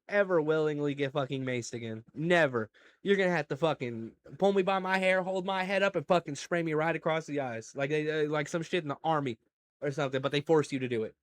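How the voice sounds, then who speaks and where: A young man hosting a casual solo podcast from home, telling crude, profane stories with sudden loud outbursts. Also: fairly high pitch. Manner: crude, profane storytelling with animated swings in loudness. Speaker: podcast host.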